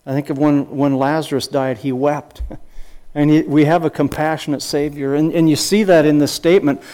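A man's voice: a little high, fairly even intonation, moderate pace, mellow. A middle-aged man preaching a sermon, asking questions and quoting scripture, with frequent restarts and small chuckling asides. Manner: earnest teaching with rhetorical questions and scripture quotes. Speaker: pastor.

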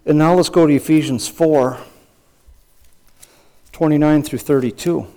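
A man preaching from the pulpit, his voice sitting a little high for a man. He talks emphatically, repeats his phrases and asks the congregation rhetorical questions as he makes his points. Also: measured pace, mellow. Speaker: pastor and counselor. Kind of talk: sermon.

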